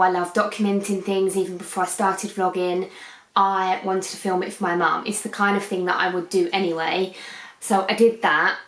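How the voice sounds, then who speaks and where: A young woman in her twenties chatting casually in a beauty vlog, rambling and often drifting off topic as she sits on her sofa at night. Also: lowish voice. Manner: rambling, keeps digressing. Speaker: beauty vlogger. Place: living room, on a sofa, at night under a harsh light. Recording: echoey indoor room.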